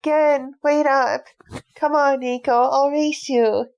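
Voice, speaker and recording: A woman's voice: high-pitched, slow, pitched above the performer's own voice. A woman reading a storybook aloud, voicing a cheerful, hot-headed young boy who talks eagerly. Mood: gleeful. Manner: eager and excitable.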